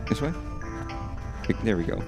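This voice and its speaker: A man's voice: moderate pace, loud music behind the voice. A man giving casual, profane, rambling commentary while playing a game.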